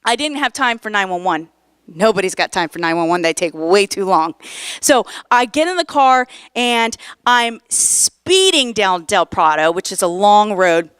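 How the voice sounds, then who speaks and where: A woman pastor in her forties preaching a sermon, telling a personal story with lively, animated emphasis. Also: mid-range voice, unhurried, clear, resonant tone, no echo, clean studio sound. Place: church.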